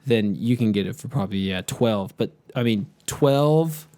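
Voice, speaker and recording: A young man co-hosting a podcast, easygoing and teasing, quick to laugh in casual chat. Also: lowish voice, warm tone, no room sound. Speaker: podcast co-host.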